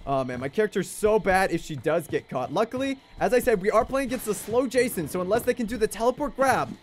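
A young man giving excitable, jokey gameplay commentary and babbling repeated exclamations. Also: sits high, fast. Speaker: gaming YouTuber.

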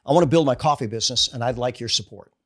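A middle-aged man, a chiropractor, telling stories in a casual interview and acting out the dialogue with sudden jumps in his voice. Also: slightly rough. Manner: animated storyteller acting out dialogue with quick pitch jumps. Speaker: guest, chiropractor and network marketer.

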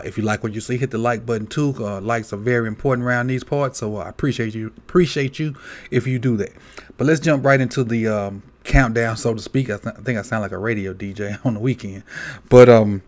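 A man hosting a casual sports countdown video, talking loosely with many fillers and restarts. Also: on the low side. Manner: relaxed, halting, many "uh" and "um" fillers. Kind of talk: casual sports commentary vlog.

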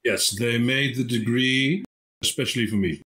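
A man's voice: mid-range voice, normal speed, fairly bright tone, close to an everyday voice. A man voicing a boastful sixty-year-old human archmage with a pompous, self-praising manner in an online tabletop game. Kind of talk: tabletop role-play over a video call.

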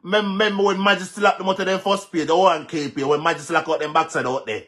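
Heated and repetitive for emphasis, this Jamaican-accented man comments on a vlog, mixing English with patois. He's a social media commentator whose voice is a little high and a bit bright, fast-paced, with fairly even intonation.

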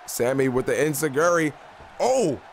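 A young man giving casual, excitable play-by-play commentary on a video game, talking slangily to the characters on screen. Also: medium pitch, moderate pace. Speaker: gaming YouTuber.

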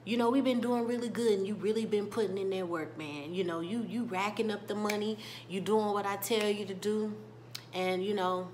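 A woman voicing a laid-back, smooth-talking male dealer boss. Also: medium pitch, steady tone, normal speed, darkish tone, a little hiss or hum, lightly acted. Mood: easy. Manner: laid-back, easy talk.

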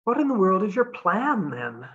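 A woman's voice: lowish voice, lively intonation, normal speed, fairly bright tone, dull audio. A woman reading aloud, voicing a determined young woman who talks urgently and pleads.

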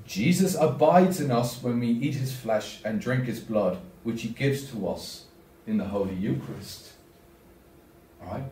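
A man's voice: medium pitch, measured pace, dark tone. A man giving a parish talk as a deacon, speaking emphatically and putting questions to his audience. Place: church. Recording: echoey church from far off.

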